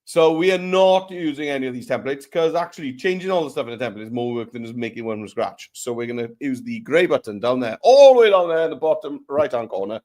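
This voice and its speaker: A man's voice: medium pitch, expressive, quick pace, hardly any pauses, a little mellow. A man giving a live screen tutorial, talking through each step in a playful, jokey way.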